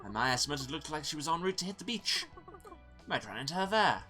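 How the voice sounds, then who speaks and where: Folksy male woodland critter, voiced by a man, high and lively, easygoing game-world local. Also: fast, faint music behind. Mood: casual.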